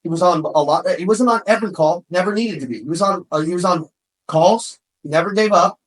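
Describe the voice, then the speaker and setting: A man giving an energetic motivational talk, often shouting for emphasis and calling listeners "bro" and "man". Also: high-pitched, a little fast, low-quality recording. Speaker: motivational speaker.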